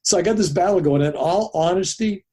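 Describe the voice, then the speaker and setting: A man's voice: high-pitched, a little fast. Older man telling a vivid story. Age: 70s. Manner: animated storyteller, voices the people in his story. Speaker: guest. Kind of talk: podcast interview storytelling.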